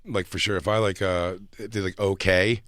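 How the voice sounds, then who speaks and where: A man with a fairly low voice tells a rambling comedy war story in a loose, conversational way. He jumps into other people's voices to act out their lines. The sound is close and dry, with no room echo. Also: fairly even intonation, moderate pace, fairly bright tone. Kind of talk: casual chat, storytelling.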